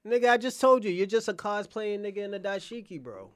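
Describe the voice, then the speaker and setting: A man with a notably high speaking voice hosts a casual live stream. He talks straight to viewers by name, needling and teasing them in a loud, crude, mocking way. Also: expressive, fast. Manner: brash, mocking and profane, addressing chatters by name. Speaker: livestream podcast host.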